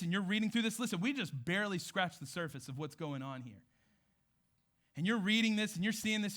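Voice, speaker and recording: Bright-voiced man preaching casually. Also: sits high, expressive, fairly quick. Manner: conversational preaching, retells scripture in casual dialogue. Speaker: pastor. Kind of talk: sermon. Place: church.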